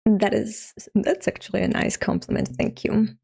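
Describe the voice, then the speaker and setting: A woman's voice: medium pitch, fairly even intonation, moderate pace, creaky, warm tone, husky. A woman in her thirties from Europe, chatting casually on a live stream, laughing often and swearing offhand. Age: 30s.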